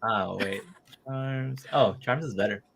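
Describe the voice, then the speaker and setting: A man playing in a tabletop game, excitable and quick to laugh. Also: lowish voice, creaky, slightly rough. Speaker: player. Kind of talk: casual tabletop play.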